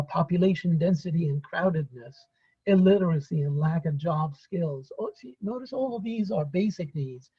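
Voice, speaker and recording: A man with a raspy, breathy voice that sits a little high gives an unscripted webinar lecture. He talks through his points with fillers and restarts. His voice comes through a computer mic on a video call, and the audio is dull and lo-fi.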